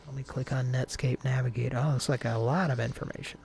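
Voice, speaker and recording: Man, gravelly, rambling casual talk, reads comments aloud, faint background hiss. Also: medium pitch, steady tone, fast talker. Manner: rambling, self-interrupting storyteller. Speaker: podcast co-host. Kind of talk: casual chat, reading listener comments aloud.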